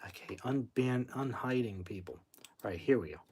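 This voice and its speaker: A man with a mid-range, animated voice hosts a casual livestream from his phone, talking at a normal speed with a slightly mellow tone and a faint hiss or hum in the audio. He rambles about music and flares up angrily at chat commenters, swearing as he kicks them out.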